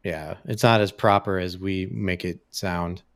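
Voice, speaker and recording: A man's voice: low-pitched, fairly even intonation, measured pace, fairly bright tone. A man co-hosting a podcast in casual chat, laid-back, swearing freely and laughing often. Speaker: podcast co-host.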